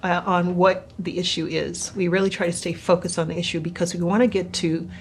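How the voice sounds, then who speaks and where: A middle-aged woman, a pastor's wife, speaking gently and softly with frequent laughter in a conversational Q&A about marriage. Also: fairly low pitch, level tone, brisk, slight background noise.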